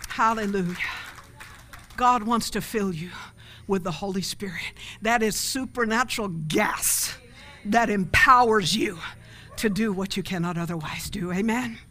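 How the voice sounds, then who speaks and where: Bright-voiced woman pastor preaching. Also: medium pitch, measured pace. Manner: emphatic, with call-and-response asides. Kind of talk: sermon and altar call.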